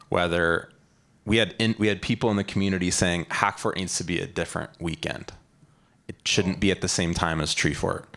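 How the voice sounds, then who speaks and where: A man on a festival panel, calmly explaining the choices made in organizing a tech conference. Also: sits low, gravelly. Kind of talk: casual panel talk.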